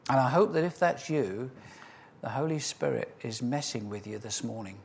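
A man preaching a sermon as pastor, emphatic, repeating key phrases and slowing for stress, then leading a prayer. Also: mid-range voice, gravelly, slight background noise.

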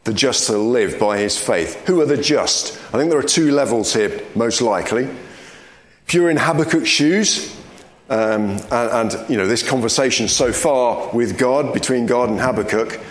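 A man's voice: mid-range voice, normal speed, roomy sound. A man leading a Bible study, explaining scripture and reading verses aloud. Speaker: Bible teacher.

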